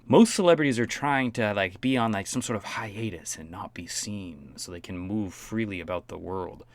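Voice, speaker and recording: A man's voice: lowish voice, moderate pace. A man giving mocking, profane commentary on a pop star. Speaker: commentary host. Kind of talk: sarcastic commentary.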